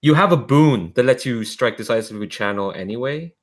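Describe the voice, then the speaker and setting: A man's voice: medium pitch, animated, brisk. A man narrating as a tabletop game master, rambling and filling with "kinda" and "like".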